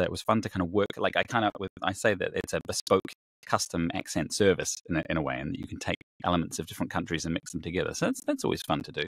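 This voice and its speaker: Male guest, middle-aged, New Zealand accent, lowish voice, dry close sound, loose and chatty with lots of restarts. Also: no echo. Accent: New Zealand with a slight British trace. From England. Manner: chatty, rambling storyteller with many fillers and restarts. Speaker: voice actor guest. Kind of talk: casual interview chat.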